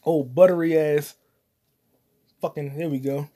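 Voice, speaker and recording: A man hosting his own solo comedy podcast, cursing often and rambling while he eats popcorn, his voice swinging between loud outbursts and mutters. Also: flat delivery, moderate pace. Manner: profane, loud swings in volume and pitch; eating popcorn while talking. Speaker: podcast host.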